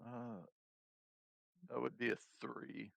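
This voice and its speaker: A man's voice: medium pitch, fairly even intonation, slow, vocal fry, fairly bright tone, no room sound, rough recording. A man playing a tabletop game who talks carefully and checks the rules aloud. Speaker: player. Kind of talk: casual tabletop play.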